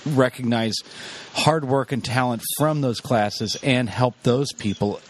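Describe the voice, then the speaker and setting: A man hosts a casual podcast interview, asking his guests questions in a friendly, enthusiastic way. His voice sits in an ordinary middle pitch. There is a faint hiss in the background. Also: a little slow. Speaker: podcast host.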